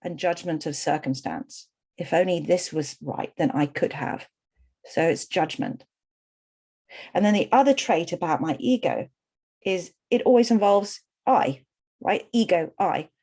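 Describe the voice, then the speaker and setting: A woman's voice: mid-range voice, mellow, husky. Earnest woman coach leading a workshop. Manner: earnest, explanatory, with repeated lists. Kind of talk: online workshop talk.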